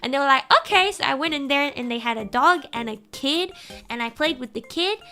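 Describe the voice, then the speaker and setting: A woman streamer telling a childhood story in casual chat, animated and laughing often, with sudden shouted impressions. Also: high-pitched, fairly quick. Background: soft background music.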